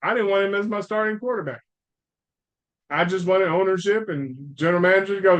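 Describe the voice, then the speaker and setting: A middle-aged man from Cleveland hosting a sports podcast, ranting in a profane, animated way. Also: high voice, fairly quick, rough recording. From Cleveland, Ohio. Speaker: podcast host. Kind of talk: casual sports talk.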